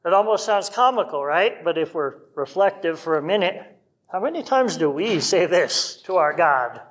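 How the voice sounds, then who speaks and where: A man's voice: high voice, expressive, moderate pace, a bit bright. A man preaching a sermon in a conversational way, asking his listeners rhetorical questions. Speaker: pastor.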